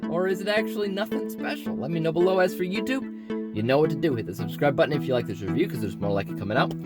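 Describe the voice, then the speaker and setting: A man hosting his channel, giving a scripted movie review with an emphatic, animated delivery. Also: fast, over loud music. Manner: animated, emphatic delivery with big pitch swings. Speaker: film reviewer and channel host.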